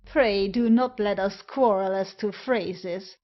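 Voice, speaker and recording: A haughty, coolly superior gentleman, read by a woman speaks with icy formal politeness. His words come slowly through a dull, lo-fi recording. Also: medium pitch, natural voice. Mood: coldly polite. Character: cold, haughty male fellow traveller, coolly superior.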